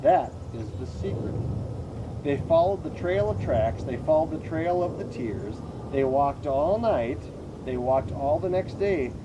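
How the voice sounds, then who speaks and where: A man reading a children's picture book aloud in an expressive, animated way. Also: a little high, unhurried, muffled recording, background noise. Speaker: reader.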